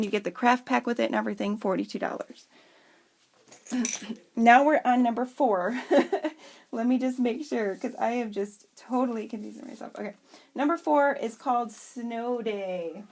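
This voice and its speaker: A woman's voice: fairly high pitch, moderate pace. A woman at home chatting casually and gushing as she shows viewers her handmade craft pieces. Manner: chatty and gushing, addresses viewers as "you guys". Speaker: craft seller showing handmade journals. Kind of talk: casual show-and-tell vlog.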